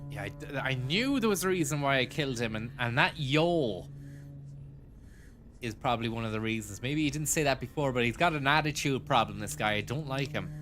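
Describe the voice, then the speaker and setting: A man's voice: medium pitch, animated, a little fast, music in the background. A man hosting a casual gaming stream, joking, swearing and thanking viewers for tips. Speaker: streamer host.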